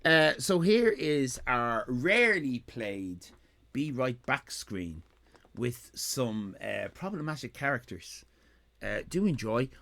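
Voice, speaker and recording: A male stream host who rambles and jokes crudely while he reacts to chat. His voice is bright and gravelly, and it swoops up and down a lot. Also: mid-range voice, very animated, slow pace, no room sound. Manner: jokey, crude, rambling and self-mocking. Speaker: livestream host. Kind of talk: casual live-stream chat, comic riffing.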